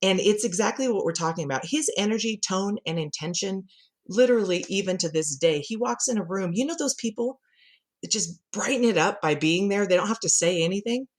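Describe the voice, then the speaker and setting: A middle-aged woman, a communication coach, chatting as a podcast guest and telling animated stories with frequent laughter. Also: medium pitch, brisk. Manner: lively storyteller who laughs often and acts out quotes. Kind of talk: conversational podcast interview.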